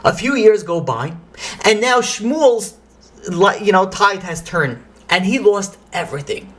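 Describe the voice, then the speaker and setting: A rabbi telling a story in a lively lecture, sprinkling in Hebrew and Yiddish phrases. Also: male voice, sits high, measured pace.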